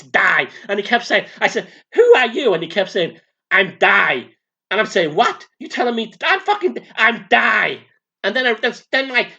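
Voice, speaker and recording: A brash, bawdy aging showgirl from the Vegas stage, put on by a man, gossiping crudely. Her voice is bright and swoops all over the place as she stumbles over her words and restarts her sentences. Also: sits high, exaggerated voice. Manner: crude, camp, gossipy storytelling with stammered restarts. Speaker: comedy character. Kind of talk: improvised comic monologue.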